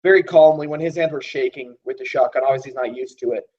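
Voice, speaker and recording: Fast-talking man on a dull line. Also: mid-range voice, darkish tone. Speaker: player. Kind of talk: describing his character in first person.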